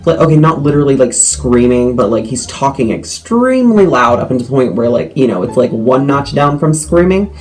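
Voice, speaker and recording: A teenage boy telling a story to the camera in a rambling way, full of "like" and quick asides. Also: medium pitch, soft background music, poor audio. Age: teens. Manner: rambling with many likes, animated retelling. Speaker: vlogger.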